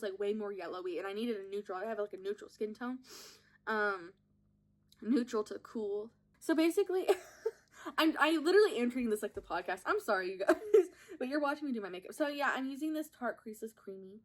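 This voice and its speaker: A young woman with a slightly high voice rambles casually into her phone while she does her makeup at home. She tells stories in a giggly, self-mocking way, like a chat with her podcast listeners. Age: young adult. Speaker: podcast host. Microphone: phone camera propped up.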